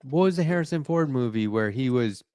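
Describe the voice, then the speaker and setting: Guy joking around in a chat, animated, dry sound, mid pitch. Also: fairly quick, clean tone, dry recording. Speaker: podcast co-host. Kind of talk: casual chat.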